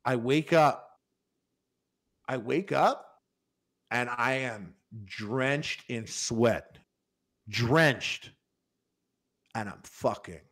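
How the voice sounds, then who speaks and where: The podcast host, a young man in his twenties, drifts through a long casual story with fillers and restarts. He speaks extremely slowly with long pauses, his medium-pitched voice fairly bright in tone.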